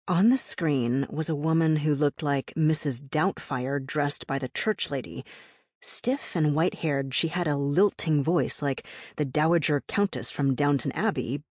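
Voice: medium pitch, a little mellow, dry recording. A narrator reading a personal essay as an audiobook, telling it in a wry, reflective way with dry humor. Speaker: memoir narrator.

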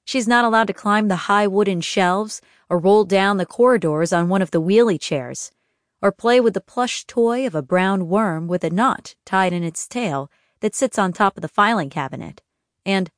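A woman narrates a scripted audiobook in a gentle, even storytelling manner. Her mid-range voice moves at normal speed, recorded with clean studio sound and no room sound.

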